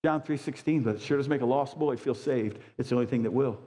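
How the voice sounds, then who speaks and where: A man's voice: mid-range voice, quick pace, warm tone, natural voice. A man in his sixties quoting a humble young boy in a sermon, earnest and simple. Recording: long church reverb.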